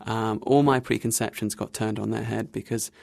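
Gravelly-voiced man telling a travel story. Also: fairly low pitch, fairly even intonation, moderate pace, no room sound, clean studio sound. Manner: vivid anecdotal storytelling with frequent restarts and soft laughs. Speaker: interview guest, travel writer. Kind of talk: storytelling interview answers.

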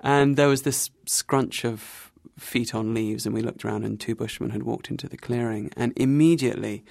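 A middle-aged man guest in an interview, telling a vivid travel anecdote with restarts and soft laughs. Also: mid-range voice, fairly even intonation, normal speed, vocal fry, no room sound. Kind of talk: storytelling interview answers.

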